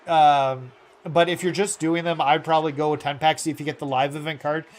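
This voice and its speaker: A man's voice: fairly high pitch, fairly even intonation, a little fast. A man live-streaming a video game, chatting casually with viewers in a rambling, earnest way full of fillers and self-corrections. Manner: earnest and heartfelt. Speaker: gaming streamer.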